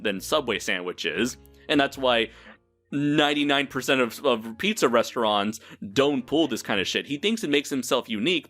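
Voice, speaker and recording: A man's voice: mid-range voice, fairly bright tone. A man hosting a podcast in casual chat, laughing often and swearing freely. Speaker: podcast host.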